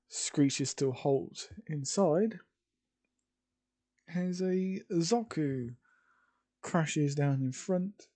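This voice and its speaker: Male storyteller, slow and informal, mellow tone, rambling asides. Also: fairly high pitch. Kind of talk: casual fan-fiction narration.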